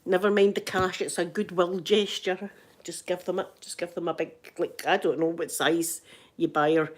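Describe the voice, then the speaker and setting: A woman's voice: fairly low pitch, flat delivery, normal speed. A middle-aged Scottish woman chatting casually on a live stream, greeting viewers by name and laughing often. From Scotland.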